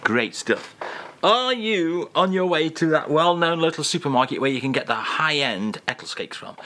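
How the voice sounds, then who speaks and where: A man's voice: a little high, big pitch swings, normal speed, sharp tone. A man hosting a comic radio chat in a jokey, mock-formal manner. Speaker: radio host.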